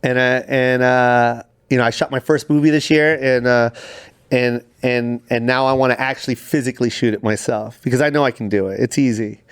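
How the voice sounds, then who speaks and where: A man's voice: a little fast, clear, resonant tone. A man, a comedian, telling candid stories in an interview and acting out the voices of people in them. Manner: animated, acts out quotes in shifting pitch. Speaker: comedian, guest.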